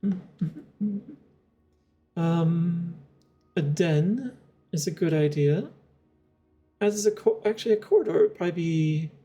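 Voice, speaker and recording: Young adult streamer, chatty and rambling, soft mellow tone, mid-range pitch. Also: slow, long pauses, husky, soft background music. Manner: rambling, giggly, thinks aloud with many fillers. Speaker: game streamer. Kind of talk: casual live-stream chat while playing.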